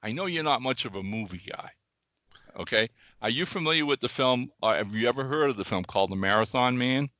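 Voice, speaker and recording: An older man co-hosting a podcast, telling stories in animated casual chat and often checking in with "all right?". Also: mid-range voice, brisk, no echo. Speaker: podcast co-host.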